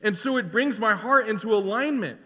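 A man preaching a sermon as pastor, animated, swinging between loud declarations and quiet asides. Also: sits high, normal speed, long reverb tail. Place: church sanctuary.

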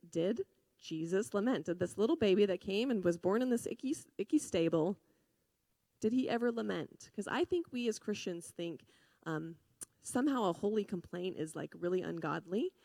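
A woman giving a sermon in an earnest, conversational way, full of fillers and restarts, moving between hushed grief and lively emphasis. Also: lowish voice, moderate pace, no room sound. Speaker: preacher.

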